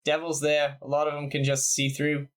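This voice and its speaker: A man's voice: on the high side, monotone, moderate pace. A man running a tabletop game as game master, talking casually with fillers. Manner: casual, rambling, many fillers.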